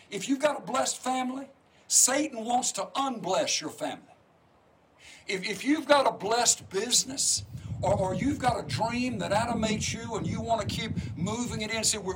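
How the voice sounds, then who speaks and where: A high-pitched man preaches with fervent emphasis, hammering phrases again and again and restarting lines as he builds. Faint noise hums under the recording. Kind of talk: sermon.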